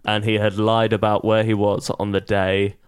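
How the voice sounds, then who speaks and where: A man co-hosting a comedy podcast, walking through a plot recap step by step. His voice is low and smooth, and the recording is dry and close. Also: level tone, moderate pace, no room sound. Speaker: podcast host recapping a TV series. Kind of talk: casual comedy podcast chat.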